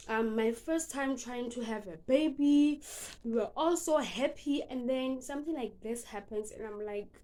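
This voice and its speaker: A woman's voice: on the high side, dark tone. A young woman from South Africa with a South African accent, telling a personal story in an earnest, emotional vlog style and slipping into casual asides. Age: young adult. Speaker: vlogger.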